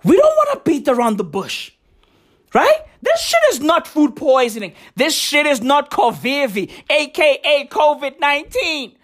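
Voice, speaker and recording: Excitable high-voiced woman ranting on a podcast. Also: a little slow. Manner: slangy, profane, excitable. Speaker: podcast host. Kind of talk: comedic podcast rant.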